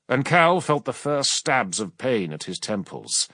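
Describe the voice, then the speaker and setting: A man narrating a science-fiction story as an audiobook reader, dramatic and urgent in action, hushed in calmer passages. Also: mid-range voice, measured pace, hardly any pauses, no echo. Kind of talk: scripted narration.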